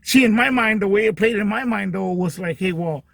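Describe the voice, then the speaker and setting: Rambling husky man telling a story. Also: high-pitched, fairly quick, no echo. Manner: rambling, lots of fillers and restarts. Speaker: podcast host. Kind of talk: casual storytelling monologue.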